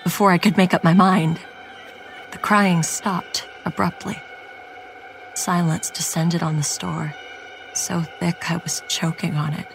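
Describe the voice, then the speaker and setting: A woman's voice: on the low side, little pitch movement, unhurried, vocal fry. A woman narrating a first-person horror story in a tense, scripted storytelling manner. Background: music.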